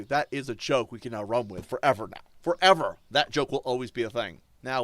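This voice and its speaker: A male streamer ranting defiantly to his chat, swinging between loud outbursts and low muttering. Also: no room sound. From German. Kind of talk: casual stream rant.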